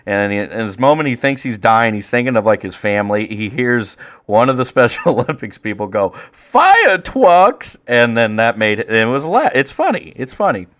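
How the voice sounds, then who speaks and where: A man co-hosting a casual podcast, talking in a profane, excitable way and breaking into loud rants. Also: on the low side, a little fast, few pauses. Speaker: podcast co-host.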